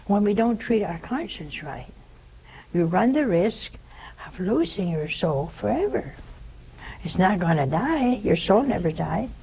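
An older woman, a religious teacher, tells a story during an informal spiritual talk, livening up the quoted speech as she plays its characters. Her voice is mid-range. The recording is rough, with slight background noise.

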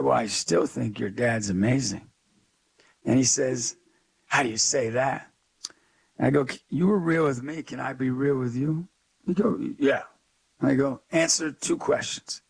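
A man's voice: medium pitch, creaky, slightly rough. A man being interviewed as a guest, telling stories with energy and emphasis and acting out the people he quotes. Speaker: guest, youth speaker. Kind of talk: animated storytelling interview.

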